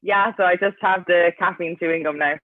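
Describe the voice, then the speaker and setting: A woman's voice: on the low side, steady tone, fairly quick. A young Irish woman in her twenties, an athlete guest chatting casually in an interview and dropping "like" into nearly every phrase. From Ireland. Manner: chatty, fills talk with "like". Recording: tinny, dry, phone-like line.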